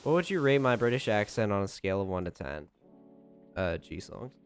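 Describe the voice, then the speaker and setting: A man's voice: on the low side, big pitch swings, normal speed, faint music behind. A young man streaming live, reading viewer messages aloud and thanking them in a playful, joking way. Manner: playful, joking, laughs often. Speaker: livestreamer. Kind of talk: casual live-stream chat.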